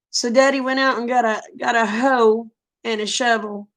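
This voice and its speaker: Gravelly fry runs through the slightly high voice of this middle-aged woman, who tells a story with a drawl. A folksy, animated vlogger, she acts out each quoted line and sounds like she's chatting with a friend.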